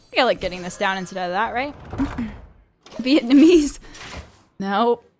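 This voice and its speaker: Young woman streaming, chatty, thinking out loud while she plays, some light hiss. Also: a little high, lively intonation, measured pace. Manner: chatty, laughs easily, thinks aloud. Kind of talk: casual gameplay commentary.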